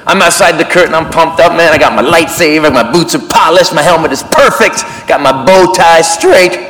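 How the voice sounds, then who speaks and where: A man doing animated stand-up storytelling, acting out voices and sounds on a comedy club stage. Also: a little high, a little fast, faint music behind, rough recording. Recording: live club, loud crowd laughter and noise.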